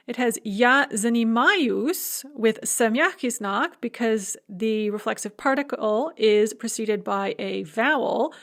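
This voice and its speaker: A woman giving a recorded grammar lecture, explaining step by step and slowing down to spell out examples. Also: a little high. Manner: clear, methodical explaining with slow spelled-out examples. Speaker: language lecturer.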